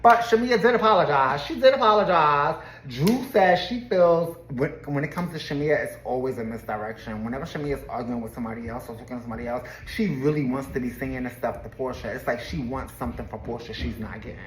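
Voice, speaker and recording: A woman's voice: very deep voice, fast, few pauses, a little hiss or hum. A woman giving a casual, gossipy recap of a reality TV episode, chatty and laughing often. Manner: chatty and laughing, often slips into quoted voices. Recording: roomy echo.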